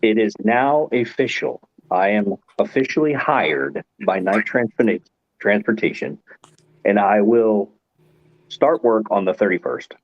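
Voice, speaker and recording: A man's voice: lowish voice, expressive, measured pace, no room sound. A man, a trucker, chatting plainly and matter-of-factly with a group over a call. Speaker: trucker guest. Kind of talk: casual group chat. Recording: dull dry call audio.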